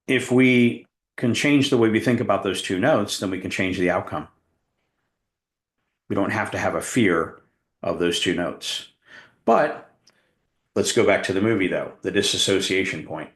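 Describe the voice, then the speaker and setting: A middle-aged man from Arizona giving a workshop talk, telling a story with animated, acted-out scenes. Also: on the low side. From Tucson, Arizona. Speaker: workshop presenter, hypnotist coach. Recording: roomy echo.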